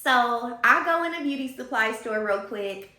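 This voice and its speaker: A woman telling a story in a casual vlog, animated and gossipy, talking straight to her viewers. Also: fairly high pitch, normal speed, roomy sound.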